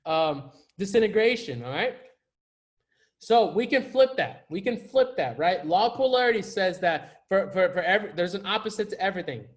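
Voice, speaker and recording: Man, high voice, motivational coach, emphatic, repeats himself, slangy. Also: lively intonation, moderate pace. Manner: emphatic, repeats key phrases for effect; casual slangy speech. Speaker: life coach. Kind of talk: motivational talk to camera.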